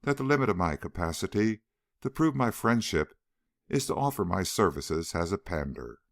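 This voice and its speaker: A man's voice: low-pitched, sing-song, normal speed, vocal fry, heavily acted. A man reading the part of a bitter young man who formally offers a guarded friendship in an audiobook.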